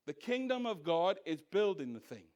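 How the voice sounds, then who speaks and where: Man, pastor teaching Bible study, slightly high voice, lively rhetorical questions, acts out other voices. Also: normal speed, highs cut off. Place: church.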